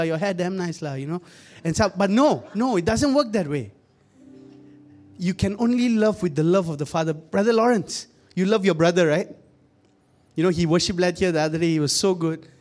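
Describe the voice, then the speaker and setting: A young man with a fairly high, darkish voice preaches a conversational sermon. He often calls out to the congregation and jokes in asides, laughing at his own quips.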